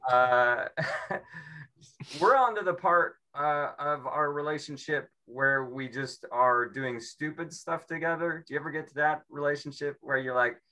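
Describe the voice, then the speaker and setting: Bright-voiced rambling comedian man. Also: on the high side, measured pace. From Seattle. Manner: rambling, self-mocking, breaks into mimicry. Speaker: stand-up comedian. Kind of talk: stand-up comedy set.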